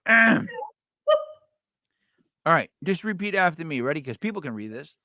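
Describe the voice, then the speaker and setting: A man hosting a live stream, chatting casually and telling stories with lots of restarts and sudden loud yells. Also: a little high, big pitch swings, a little slow, long pauses, no echo, studio quality. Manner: rambling storyteller with many restarts, bursts into loud yells. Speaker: livestream host.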